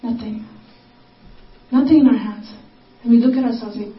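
Female preacher, high voice, dramatic repeated lines; distant lo-fi recording. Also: fairly even intonation, normal speed. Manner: repeats phrases, acts out desperate cries. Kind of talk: sermon. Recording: echoey, distant, dull lo-fi recording.

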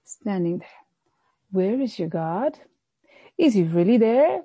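A woman pastor preaching a sermon, slowing down to stress phrases and mockingly voicing the enemy's taunts. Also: mid-range voice, sing-song, warm tone, slightly rough, dry recording, muffled recording.

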